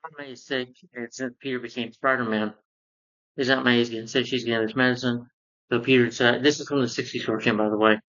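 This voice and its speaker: A man's voice: medium pitch, fairly even intonation, fast talker, fairly bright tone, dull audio. A man casually recapping and reviewing a cartoon episode, rambling along with lots of "you know" fillers.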